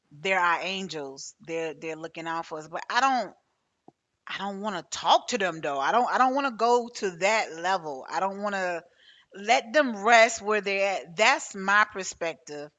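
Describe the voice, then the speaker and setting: A woman's voice: fairly low pitch, fairly bright tone. A woman hosting a podcast interview, talking casually and hesitantly, with many restarts as she tells a personal story. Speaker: podcast host.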